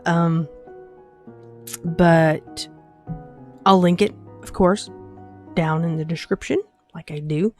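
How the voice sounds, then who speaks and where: A woman's voice: on the low side, fairly even intonation, slow pace, pauses often. A woman hosting a gaming video, reacting in a chatty way with many fillers. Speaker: gaming channel host. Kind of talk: casual game commentary. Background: game music.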